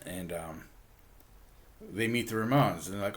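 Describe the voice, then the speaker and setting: Laid-back low-voiced man reviewing a comic. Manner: relaxed, halting, many ums and uhs, chuckles often. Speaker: book reviewer, channel host. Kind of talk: casual comic book review.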